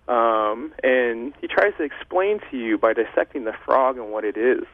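A man's voice: mid-range voice, lively intonation, moderate pace, hardly any pauses, dry recording. Young male guest over a thin phone line, earnest, emotional testimony. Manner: earnest and emotional, loose with fillers. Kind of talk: heartfelt faith testimony.

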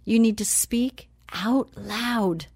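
A woman hosting a Christian talk show who reads scripture slowly and with emphasis, then chats casually. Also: on the high side, darkish tone, slightly rough, no echo, clean studio sound.

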